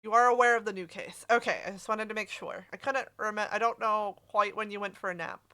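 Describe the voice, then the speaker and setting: A woman's voice: mid-range voice, steady tone, brisk, sharp tone, smooth. A woman streaming a game, chatting casually with her viewers and swearing freely. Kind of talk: casual live-stream chat.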